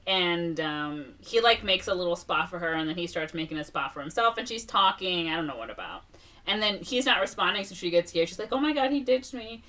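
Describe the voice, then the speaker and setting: A woman's voice: fairly low pitch, animated, a little fast, bright, forceful tone, distant mic. A young woman co-hosting a podcast, casually recapping a movie plot and acting out the characters' lines with lots of fillers. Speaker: podcast co-host.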